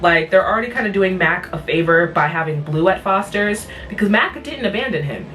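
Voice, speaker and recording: A woman's voice: fairly low pitch, fairly bright tone. Woman vlog host, worn out, blunt and chatty, mic a bit distant, faint hiss. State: tired. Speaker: vlog host reviewing cartoon episodes. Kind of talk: casual rambling recap.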